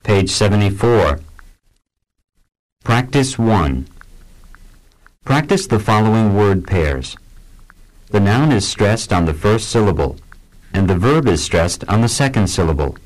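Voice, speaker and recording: A man's voice: fairly low pitch, expressive, unhurried, long pauses, poor audio. A man narrating chapter headings and instructions for a pronunciation course. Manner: announces chapters and instructions clearly.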